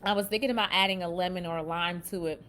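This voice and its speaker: Fast and fairly bright, yet low-pitched and steady in tone, a woman hosts a loose, chatty spiritual self-help talk. She reads affirmations with emphasis and addresses people as "baby" and "y'all."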